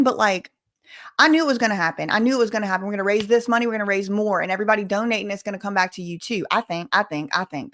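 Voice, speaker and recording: A woman hosting a casual livestream, chatting, joking and thanking donors. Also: mid-range voice. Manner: chatty, animated, joking asides. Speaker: livestream host. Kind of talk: casual livestream chat reading donations.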